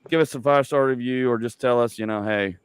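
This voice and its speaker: A man's voice: medium pitch, steady tone, quick pace, clear, resonant tone, no echo, clean studio sound. A middle-aged man hosting a podcast from home, talking loosely with lots of fillers and jokes. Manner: loose, rambling, joking, many fillers. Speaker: podcast host. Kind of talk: casual podcast chat.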